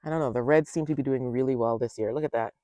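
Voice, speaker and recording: A man casually walking viewers through his backyard garden, chatting to them directly and thinking out loud as he goes. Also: medium pitch, fast, dry recording, highs cut off. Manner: chatty, talks straight to viewers and thinks aloud. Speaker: home gardener giving a tour. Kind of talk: casual garden tour vlog.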